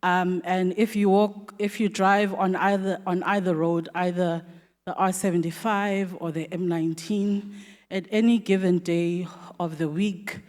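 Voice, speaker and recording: A woman's voice: fairly low pitch, steady tone, a little slow, darkish tone. A South African woman, an assistant editor, thanking guests and giving remarks at a community dialogue, with many ums and restarts. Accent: South African English. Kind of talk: public vote of thanks and remarks. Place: hall at a community dialogue event. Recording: long reverb of a venue hall.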